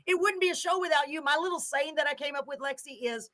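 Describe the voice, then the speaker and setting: Lady host gushing away, bright ringing voice, kinda high. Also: quick pace. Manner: effusive, chatty, laughs often. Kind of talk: casual live show chat.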